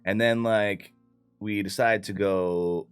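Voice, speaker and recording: A man's voice: lowish voice, steady tone, slow, clear, resonant tone, faint music behind. A man loosely recapping a tabletop game session in casual, profane talk full of fillers. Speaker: player recapping the campaign.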